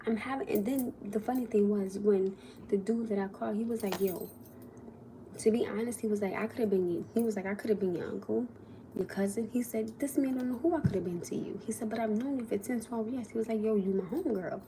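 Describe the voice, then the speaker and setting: A young adult woman telling a story on a casual livestream, animated, swearing and quoting the people involved. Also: mid-range voice, fast, slight background noise.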